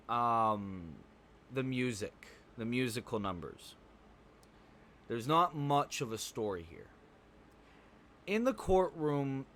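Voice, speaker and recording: A man's voice: mid-range voice, slight background noise. A man giving a casual spoken movie review, blunt and profane, rambling with fillers like "um" and "like".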